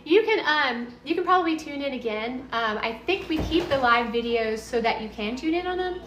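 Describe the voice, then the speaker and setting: A woman's voice: high voice, lively intonation, moderate pace, a bit bright, reverberant, a little hiss or hum. A woman with a Texan accent chatting casually in her home kitchen during a live cooking stream, bubbly and meandering as she talks to viewers. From Texas.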